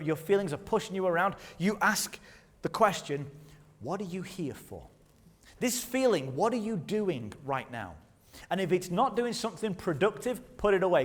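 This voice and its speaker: A man with a high voice preaches a sermon in a church hall. His voice carries a long reverb. He talks in a lively, conversational way, asking the congregation plenty of rhetorical questions. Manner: leads the congregation in call-and-response. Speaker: pastor.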